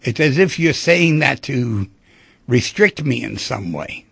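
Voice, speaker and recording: A man's voice: mid-range voice, lively intonation, slow, vocal fry, a bit bright, slightly rough, no echo. A middle-aged man hosting a radio talk show, talking through feelings and relationships in a conversational way and acting out little scenes. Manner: conversational, acts out quoted voices. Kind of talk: reflective monologue on relationships.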